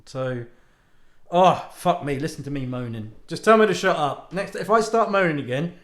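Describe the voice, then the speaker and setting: A man hosts his own show, rambling casually in an animated, self-mocking way and swearing freely. His voice sits fairly high for a man. The recording has a roomy echo. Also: normal speed. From United Kingdom. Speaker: podcast host and author. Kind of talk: casual ranting monologue. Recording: echoey room.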